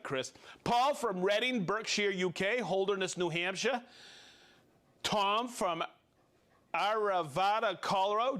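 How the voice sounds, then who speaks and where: A man's voice: high-pitched, a bit bright. A man hosting a live stream, reading out viewers' names and hometowns in an upbeat, playful way. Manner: upbeat, playful, reads names and places quickly. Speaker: host.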